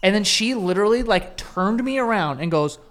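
A man's voice: sits high, lively intonation, moderate pace, fairly bright tone. Chill guy in his 30s on a podcast, tells stories, does little voices for people. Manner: laid-back storyteller, acts out quotes. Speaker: podcast co-host. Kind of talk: casual chat.

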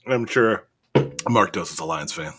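A man's voice: low voice, lively intonation, slow, pushed and bright, slightly rough. A man co-hosting a casual podcast, reading out news items and joking around with lots of laughter. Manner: laughs often, jokey. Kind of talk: casual chat.

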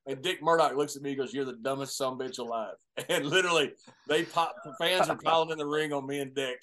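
A man's voice: a little high, fast talker, a little hiss or hum. An older man, a retired wrestler, telling road stories in a casual chat, often laughing as he talks. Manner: animated, laughing storyteller. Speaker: retired pro wrestler, guest.

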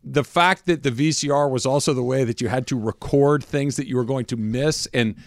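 A man's voice: mid-range voice, a little fast, dry recording. Male radio host, casual sports banter, emphatic, dry close mic. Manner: emphatic, repeats points.

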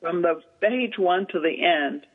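A woman, telling an animated story as an author and literary agent guest in an interview, with many fillers. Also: lowish voice, a little slow. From Southern United States. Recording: tinny phone-line radio sound.

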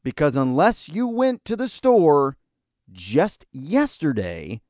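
An American man hosting a podcast, ranting sarcastically and scolding his listeners, at times in a mock calm, soothing voice. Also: on the high side, takes it slowly, no echo, clean studio sound. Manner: sarcastic, scolding and exasperated, hurling insults; mock calm and soothing delivery that breaks into outbursts. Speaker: podcast host. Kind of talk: ranting opinion segment.

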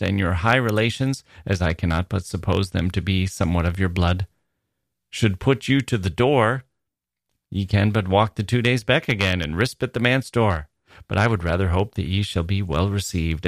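A man voicing an earnest, kindly elderly minister, giving slow, deliberate advice. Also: low voice, gravelly, no echo. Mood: encouraging. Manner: solemn, deliberate advising.

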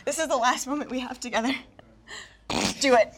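A woman's voice: high voice, steady tone, fairly quick, heavy background noise, close to an everyday voice. A woman improvising a theatrical French aristocrat noblewoman in a comedy duel game. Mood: dramatic. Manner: shrieking, theatrical, laughing.

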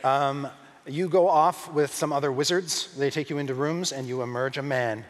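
A man running a tabletop game as dungeon master, describing scenes in a relaxed way with many fillers. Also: mid-range voice, normal speed, in a large hall.

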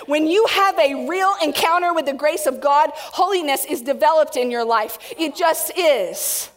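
A woman preaching a sermon to a congregation, animated and acting out quotes in different voices. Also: high voice, moderate pace, hardly any pauses. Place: church hall with audience. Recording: long reverb of a hall.

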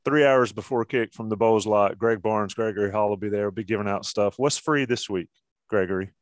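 A man's voice: fairly low pitch, fairly quick, dry recording, studio quality. A man hosting a casual sports talk show, joking and steering the conversation. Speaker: podcast host.

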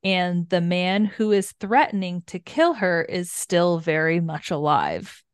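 A young woman co-hosting a book podcast, calmly recapping the plot in casual chat. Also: on the low side, a little slow, clean tone, no echo, clean studio sound. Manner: calm recapping, agreeable murmurs.

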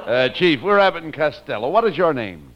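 A man playing the straight man in a comedy sketch, talking briskly and bossily. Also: on the high side, big pitch swings. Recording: muffled old recording with loud hiss.

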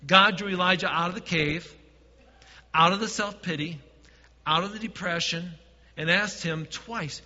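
A man preaching a sermon as pastor, dropping to quiet asides and swelling to emphatic points. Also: high-pitched, unhurried, pauses often, big-room sound, muffled recording.

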